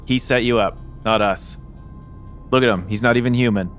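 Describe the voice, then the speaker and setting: A man's voice: medium pitch, moderate pace, fairly bright tone, faint music behind, close to an everyday voice. A man voicing a blunt, ruthless male adventurer who urges his ally to finish the enemy. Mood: urgent. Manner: blunt, urgent.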